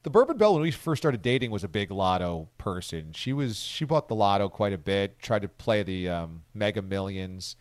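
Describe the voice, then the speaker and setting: A man's voice: on the low side, sing-song, normal speed, few pauses, dry recording. A male radio host whose voice swings widely up and down as he chats. He sounds close and dry on a studio mic, in casual sports-talk banter, reading listener posts aloud with a playful lilt. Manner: chatty, reads listener tweets aloud with playful emphasis.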